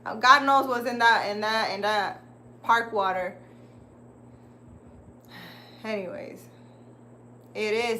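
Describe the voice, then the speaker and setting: Bright-voiced woman chatting on a livestream. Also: a little high, slow, long pauses, a little hiss or hum. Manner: rambling, chatty, talks straight to viewers. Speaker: livestream host. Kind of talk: casual livestream chat.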